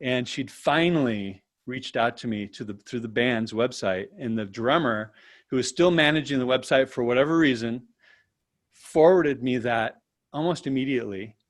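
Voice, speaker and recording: Man, interview guest, casual storytelling, animated, mid pitch. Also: moderate pace. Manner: animated, tags sentences with "right?".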